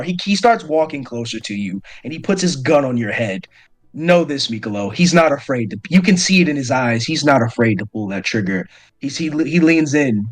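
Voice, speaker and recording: A man's voice: medium pitch, expressive, normal speed, soft background music. A man narrating as game master of a tabletop game, often restarting his phrases hesitantly.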